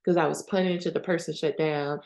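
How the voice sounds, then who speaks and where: Woman podcast host, lowish voice. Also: steady tone, fairly quick, a little mellow. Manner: conversational, often checks in with "right?"; candid and personal. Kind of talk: reflective self-help talk.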